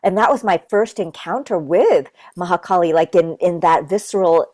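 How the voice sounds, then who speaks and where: A Japanese woman, an interview guest in a casual spiritual conversation, speaks earnestly and loosely, full of "like" and "you know." Her voice is fairly low and a little mellow, at a normal speed with no echo.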